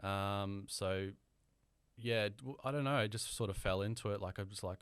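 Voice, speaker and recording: Young Australian male guest, smooth resonant voice, hesitant casual talker. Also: lowish voice, fairly even intonation, moderate pace, no room sound. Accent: mild Australian. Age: young adult. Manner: hesitant, filler-heavy, rambling. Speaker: guest audio engineer. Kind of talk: casual podcast interview.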